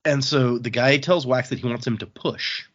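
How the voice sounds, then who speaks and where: A man's voice: medium pitch, a bit bright. A man on a book podcast, casually retelling chapters and quoting the characters as he goes. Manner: retells scenes, quoting characters in quick asides. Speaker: podcast host summarizing chapters. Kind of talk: casual chat, retelling a story. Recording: dull, muffled podcast audio.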